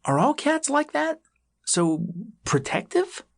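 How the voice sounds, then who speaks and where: A man's voice: very high voice, very animated, slow, gravelly, pitched above the performer's own voice, full character voice. A man voicing a timid, earnest young male opossum in a children's audiobook. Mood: curious.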